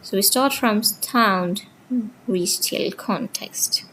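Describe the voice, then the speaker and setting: Woman lecturer, mid pitch, explains slides step by step with loose grammar, faint hiss behind. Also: slow pace, sharp tone, low-quality recording. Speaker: linguistics teacher. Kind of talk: casual lecture over slides.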